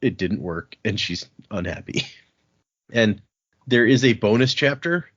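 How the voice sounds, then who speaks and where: A man hosting a podcast, recapping chapters in a casual, animated way with frequent laughs and restarts. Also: on the low side, unhurried. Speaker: podcast host recapping a book. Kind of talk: casual book-club chat. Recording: dull lo-fi podcast audio.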